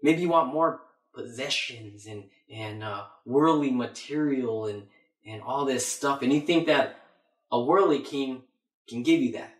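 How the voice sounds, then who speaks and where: Slow, emphatic male preacher. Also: mid-range voice. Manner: emphatic, repeats phrases. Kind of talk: Bible teaching sermon. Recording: roomy echo.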